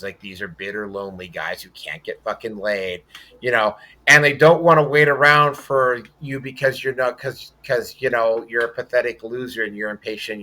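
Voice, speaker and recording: A man holds forth in a casual podcast chat, his voice bright and forceful. He talks bluntly and curses often. His sentences ramble, with restarts and fillers. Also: mid-range voice. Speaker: podcast host.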